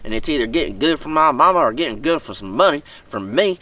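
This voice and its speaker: A man doing a brash redneck, bright-voiced. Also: a little high, expressive, fast talker, far from the mic, rough recording. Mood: aggrieved rambling. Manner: rambling, folksy, loses his thread. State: speaking with tobacco dip in his mouth. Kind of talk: comedic character monologue.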